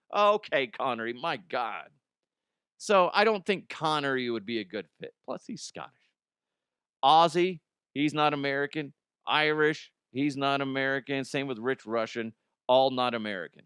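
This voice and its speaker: A man's voice: mid-range voice, expressive, measured pace, fairly bright tone, clear, resonant tone, no room sound, studio quality. A man hosting a comedy podcast, reading listener mail in a crude, irreverent way, often laughing. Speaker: podcast host.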